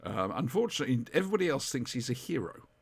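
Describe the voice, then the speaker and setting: A man's voice: medium pitch, sing-song, racing, gravelly, slightly rough. A man chatting on a podcast, rambling and correcting himself as he enthuses about old TV comedy. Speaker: podcast co-host. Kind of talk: casual chat reviewing TV comedy.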